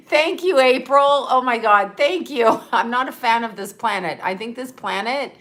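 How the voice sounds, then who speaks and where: A woman's voice: a little high, moderate pace, hardly any pauses, a bit bright. Chatty, profane woman on a livestream. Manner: chatty, profane, reads viewer comments aloud; laughs often while talking. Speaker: livestream host. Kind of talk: casual livestream chat.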